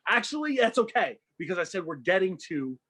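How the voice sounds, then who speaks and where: A young man riffs through a story on a casual podcast, rambling and popping into little character voices along the way. His voice sits a bit high and has a husky edge. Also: sing-song, a bit bright. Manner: rambling, acts out characters in quick asides. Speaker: podcast co-host.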